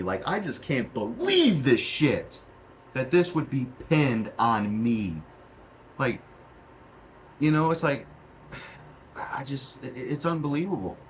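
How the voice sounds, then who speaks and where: A young YouTuber launches into a heated, profane, repetitive rant to the camera. His voice is medium in pitch. He records on a cheap mic in a small room at home, and the rough audio carries a little hiss or hum.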